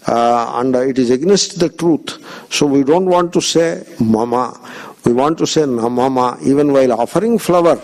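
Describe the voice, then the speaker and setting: A man teaching a spiritual discourse. His voice sits a little high, and he draws out words, pausing often and weaving in Sanskrit terms. The delivery is patient and explanatory. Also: darkish tone. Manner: measured, drawn-out teaching with frequent pauses and Sanskrit terms.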